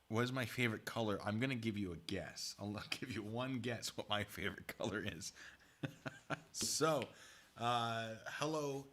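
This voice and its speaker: A man's voice: mid-range voice, a bit bright, slight background noise. A man in the middle of his range chats through a casual live stream, close to his desk mic. He rambles and drifts into asides aimed at his viewers. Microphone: desk mic pulled close.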